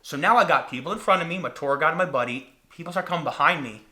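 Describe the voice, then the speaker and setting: A young man hosting a podcast, telling a story in an animated, casual way and acting out his own reactions dramatically. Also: fairly high pitch, fast talker. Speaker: podcast host.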